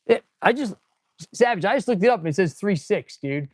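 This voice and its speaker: Working in an auto repair shop, this mechanic and channel host chats casually on a live stream, laid-back and calling viewers "dude." He talks briskly in a high-pitched, animated voice with no room sound.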